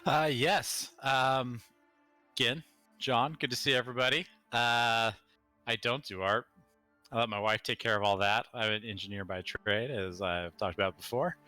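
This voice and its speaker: A man's voice: medium pitch, fairly even intonation, normal speed, pushed and bright, dry recording, faint music behind. A young man introducing himself as a tabletop player, chatty and hesitant with fillers.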